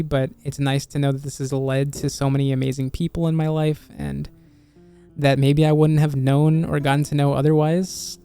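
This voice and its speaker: A video game YouTuber who is slowly losing their voice talks in a halting, earnest way, restarting phrases, over a studio microphone. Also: medium pitch, smooth. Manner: earnest, halting, many restarts and soft laughs. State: slowly losing voice, slightly hoarse. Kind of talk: reflective casual video commentary.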